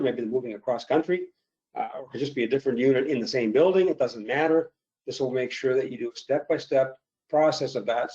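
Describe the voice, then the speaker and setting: A man presenting a software product demo in a webinar, walking through features step by step. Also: medium pitch, highs cut off. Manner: explanatory, steady walkthrough with fillers.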